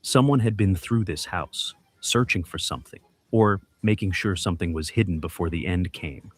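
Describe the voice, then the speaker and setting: A man with a somewhat low voice narrates a scripted mystery. His delivery is measured and suspenseful. He builds tension through short, clipped phrases and deliberate pauses.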